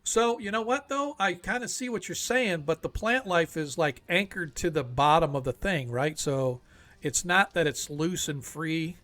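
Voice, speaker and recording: A man's voice: on the high side, normal speed, a bit bright. A man running a tabletop role-playing game as game master, easygoing and rambling with frequent fillers, over an online voice call.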